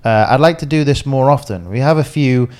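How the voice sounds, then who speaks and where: A man's voice: medium pitch, fairly quick, darkish tone. Slangy man co-hosting a podcast. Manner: loose, slangy storytelling with swearing. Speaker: podcast co-host. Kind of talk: casual chat.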